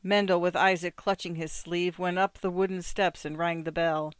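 A reader narrating a short story as an audiobook, measured and steady. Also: mid-range voice, clean tone, no echo.

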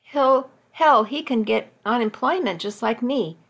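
A grinning drunk man slurs and stumbles through his words, his voice sitting a little high for a man, as a woman reads him. He sounds crude and pushy, a figure from a spoken story. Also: unhurried, fairly bright tone. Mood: mocking. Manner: slurred, stumbling speech.

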